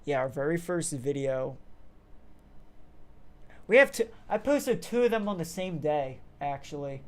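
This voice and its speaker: A man's voice: on the high side, sing-song, measured pace. A young man co-hosting a casual podcast chat, rambling with lots of fillers and restarts. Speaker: co-host.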